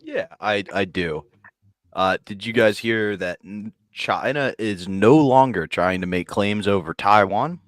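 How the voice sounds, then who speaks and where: Low-voiced deadpan male co-host. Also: measured pace, dry recording, clean studio sound. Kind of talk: casual comedy chat.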